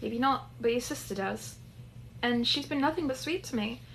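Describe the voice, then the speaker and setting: A woman's voice: fairly high pitch, moderate pace, fairly bright tone, a little hiss or hum. A woman voicing a blunt, sarcastic young woman who is independent and stubborn. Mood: frank. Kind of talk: dramatic story reading.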